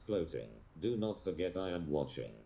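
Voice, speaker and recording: A man's voice: deep voice, very animated, moderate pace, dark tone. A man's synthetic robotic voice playing a sarcastic ex-military robot crew unit, dry and clipped.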